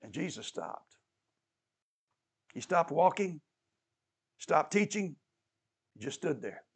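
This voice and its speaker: A man's voice: a little high, big pitch swings, takes it slowly, slightly rough. A man preaching a sermon as an emphatic storyteller who repeats key phrases and adds touches of humor.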